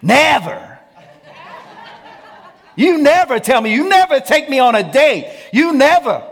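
A preacher putting on the voice of a nagging spouse who keeps listing complaints in a whiny, accusing way. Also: male voice, extremely high pitch, very animated, unhurried, gravelly, pitched above the performer's own voice, full character voice.

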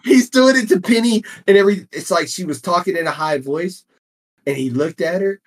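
A man co-hosting a podcast in casual chat, laid-back and chiming in with quick agreement and pop-culture asides. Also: sits high. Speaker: podcast co-host.

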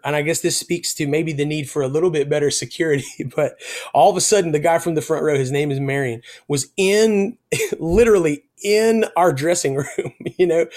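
A middle-aged worship musician with a voice on the high side shares a personal story in an interview. He is earnest and emotional, and his voice softens when he talks about faith.

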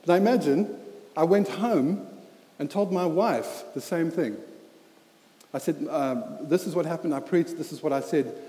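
Echoing through a church hall, a fairly high, dark voice delivers a sermon at normal speed. The preacher talks earnestly and plainly, like a conversation, with frequent "you know"s and repeated words.

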